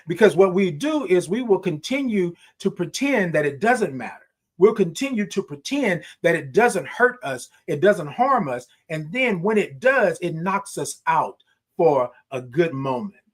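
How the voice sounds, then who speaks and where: A middle-aged man with a voice on the high side hosts a live morning show. Animated and preacher-like, he repeats phrases and reads out viewer comments.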